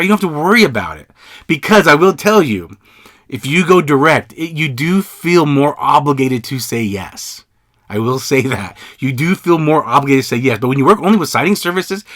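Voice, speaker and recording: A man hosting a podcast, giving casual advice in an energetic, conversational way, often repeating himself. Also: on the high side. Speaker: podcast host. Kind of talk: casual solo podcast talk.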